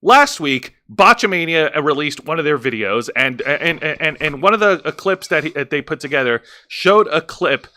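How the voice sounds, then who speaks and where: A man co-hosting a casual wrestling review show, talking in an animated way, swearing and restarting his sentences, his voice jumping up when he gets worked up. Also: a little high, normal speed, hardly any pauses. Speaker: podcast co-host.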